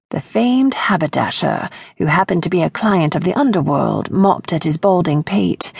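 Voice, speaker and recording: A woman narrating a historical romance audiobook in a slow, measured storytelling voice. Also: fairly low pitch, animated, creaky, slightly rough, no echo, studio quality.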